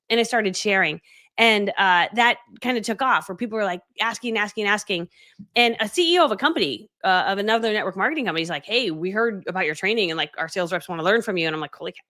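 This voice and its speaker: A woman telling her story casually on a livestream, animated and acting out quoted dialogue. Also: medium pitch. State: watery eyes. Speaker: online business coach.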